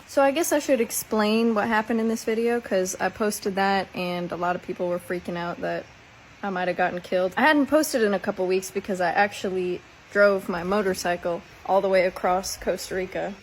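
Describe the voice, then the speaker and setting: A woman from Minnesota telling a story in her vlog in a calm, matter-of-fact way. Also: mid-range voice, fairly quick, a little hiss or hum, low-quality recording. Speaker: van lifer vlogger.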